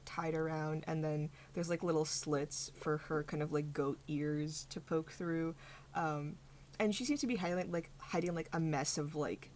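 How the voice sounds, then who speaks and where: Young woman running a tabletop game, low gravelly voice, lots of um and like. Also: a little mellow, slight background noise. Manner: rambling, many fillers. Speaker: game master.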